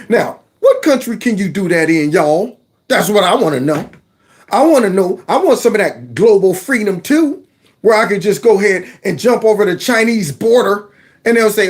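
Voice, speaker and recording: A man's voice: high-pitched, very animated, normal speed. Indignant man riffing on news clips. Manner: indignant, rhetorical questions, folksy asides. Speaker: commentary channel host. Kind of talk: political commentary over news clips.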